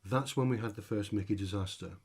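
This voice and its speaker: Man narrating a comic story, husky. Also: fairly low pitch, brisk, darkish tone. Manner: dry, wry comic delivery. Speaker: author reading his own story.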